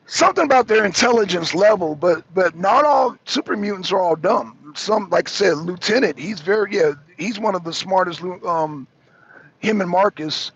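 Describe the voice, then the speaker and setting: Calling from the cab of his parked truck, this man speaks in a high, expressive, husky voice at a normal pace, his tone fairly bright. His casual talk is profane and wandering, and he keeps interrupting himself. The sound quality is lo-fi.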